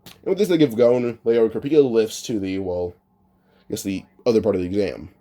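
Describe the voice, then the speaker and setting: Very mellow-voiced man rambling through a story. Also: lowish voice, a little fast. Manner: rambling, many restarts and "like" fillers. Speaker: anime what-if storyteller. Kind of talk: casual improvised retelling.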